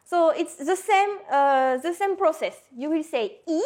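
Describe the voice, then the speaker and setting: A woman's voice: high voice, lively intonation, unhurried, a little mellow. A woman, a teacher patiently coaching pronunciation and often checking in with "hmm?". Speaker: French teacher. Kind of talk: pronunciation lesson.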